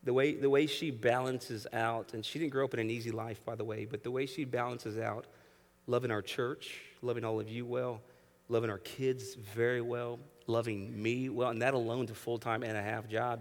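A man in his thirties, a pastor preaching a sermon in a church sanctuary, animated, swinging between hushed and loud and acting out voices as he talks. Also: medium pitch, fairly quick, creaky, in a large hall.

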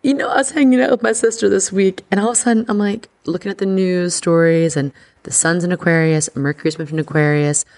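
A woman hosting an astrology podcast, talking in a chatty, excitable way full of "like". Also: fairly low pitch, fast talker, hardly any pauses. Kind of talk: casual podcast monologue.

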